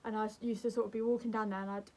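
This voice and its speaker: A young woman vlogger giving calm, earnest advice to camera in a gentle, soothing way. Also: medium pitch, racing. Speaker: mental health vlogger.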